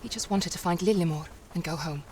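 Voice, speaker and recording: A woman plays a gentle game narrator telling a fairy tale in scripted storybook style. The delivery is calm and measured. Her voice sits somewhat low. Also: slight background noise, natural voice.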